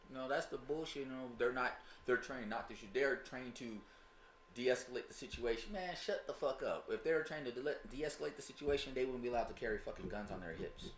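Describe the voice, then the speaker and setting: A man with a Southern US accent, co-hosting a podcast, telling stories in a profane, animated way. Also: mid-range voice, a little fast, echoey room, slight background noise. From Denver, USA. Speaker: podcast co-host. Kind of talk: casual podcast chat.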